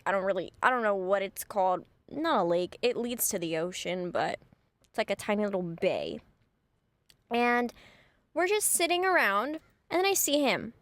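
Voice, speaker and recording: A young woman chats through a gossipy story from her own life, her voice sitting a little high. She talks in a loose, rambling way, filling her lines with "like." The sound is close and dry, with no room around it. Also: no room sound. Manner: chatty, gossipy, full of "like". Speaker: vlogger. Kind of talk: casual storytime.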